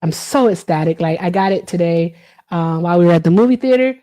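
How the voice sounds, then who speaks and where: A woman's voice: lowish voice, quick pace, warm tone. A woman in her thirties chatting casually on a live stream, reading and answering viewer comments, with many fillers.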